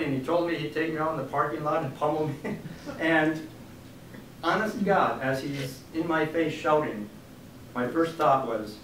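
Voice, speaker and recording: A man's voice: a little high, normal speed, a little hiss or hum. Man telling a story in an echoey room. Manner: animated, acts out quotes. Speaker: author giving a book reading. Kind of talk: storytelling talk. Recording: echoey room from a distant mic.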